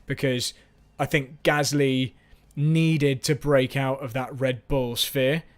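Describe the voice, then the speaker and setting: Man, casual live-stream host, rambling, self-mocking, mid-pitched voice. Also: steady tone, slow. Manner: chatty, rambling, self-mocking, lots of restarts.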